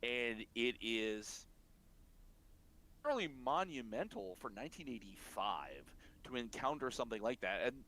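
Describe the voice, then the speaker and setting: A man's voice: mid-range voice, very animated, measured pace, bright, forceful tone, slight background noise. Reflective man co-hosting an anime chat. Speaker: podcast co-host. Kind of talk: casual anime discussion.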